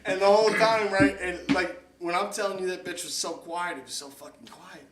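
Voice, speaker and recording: A young man hosting a podcast tells a long, profane story in a casual chat, animatedly acting out other people's lines. His voice is high-pitched and brisk, and he's far from the mic, slightly off-mic in an echoey room with background noise.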